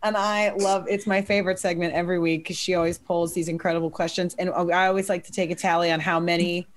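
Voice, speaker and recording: A woman's voice: fairly low pitch, little pitch movement, fast. A woman hosting a chat show who talks in an effusive, emotional way and calls herself weepy. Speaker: host.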